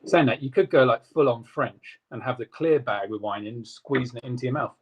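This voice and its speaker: A man co-hosting a casual live stream, reading out viewer comments in a quick, jokey way. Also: medium pitch, slightly rough. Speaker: co-host reading live chat.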